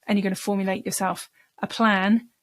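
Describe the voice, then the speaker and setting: A woman's voice: mid-range voice, flat delivery, brisk. A woman speaking coach giving a lesson, explaining in a conversational way and repeating words for emphasis. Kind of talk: talking-head coaching lesson.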